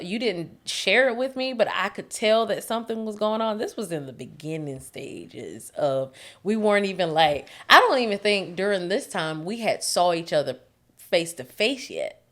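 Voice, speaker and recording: A woman co-hosting a podcast, chatting casually about marriage and faith as an animated storyteller who laughs often. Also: deep voice. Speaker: podcast co-host.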